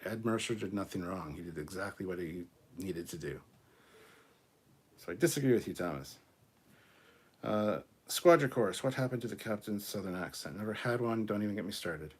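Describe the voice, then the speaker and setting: A man's voice: deep voice, animated, normal speed, breathy edge. A man hosting a casual livestream, reading viewer comments and answering them in a blunt, profane, argumentative way.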